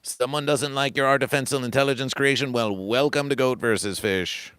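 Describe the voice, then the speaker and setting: Male livestream host, grandiose repetitive sermon cadence, bright tone, dry close mic. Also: mid-range voice, fairly even intonation, brisk, clean tone, no echo. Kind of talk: rambling comic livestream monologue.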